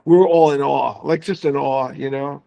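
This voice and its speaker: Gravelly animated older man telling stories. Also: mid-range voice, normal speed. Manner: animated storyteller, acts out quotes, swears freely. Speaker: guest musician. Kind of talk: casual storytelling interview.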